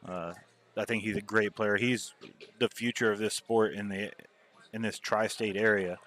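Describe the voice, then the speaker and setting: A man's voice: on the low side, steady tone, normal speed, a bit bright. A man doing casual live commentary on a pool match, joking around and laughing often.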